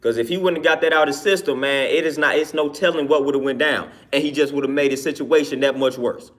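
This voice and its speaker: A man with a somewhat high voice speaks in a casual, heartfelt monologue. He talks as a trainer would to his followers. He often circles back with "man" and "you know what I'm saying.". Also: fairly even intonation, fast.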